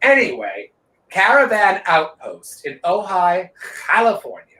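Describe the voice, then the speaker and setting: Male co-host, profane and animated raconteur; higher-pitched voice in an echoey room. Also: a little slow. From Los Angeles. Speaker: podcast co-host. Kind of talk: casual chat storytelling.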